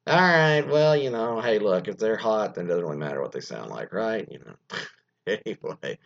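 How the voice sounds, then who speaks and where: A man's voice: on the low side, expressive, moderate pace, gravelly, dull audio. A man hosting a podcast alone, reading from an article and rambling through offhand, profane asides with many fillers. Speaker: podcast host. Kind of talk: casual solo commentary reading from an article.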